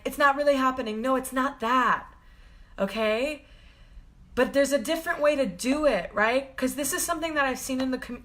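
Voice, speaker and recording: Bright, gushing woman on a spiritual livestream. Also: high-pitched. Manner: gushing, earnest, greets viewers by name. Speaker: spiritual coach hosting a live stream. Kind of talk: live-streamed spiritual talk.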